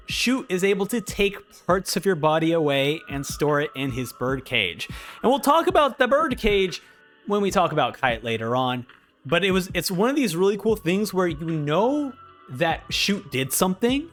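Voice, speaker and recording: A young man in casual review commentary, excitable, swinging between hyped and somber as he talks. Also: on the high side. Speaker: anime reviewer.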